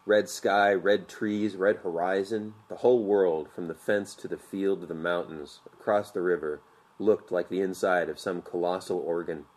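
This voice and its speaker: A man narrating an audiobook in a measured, vivid storytelling manner. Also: sits low, steady tone, a little mellow.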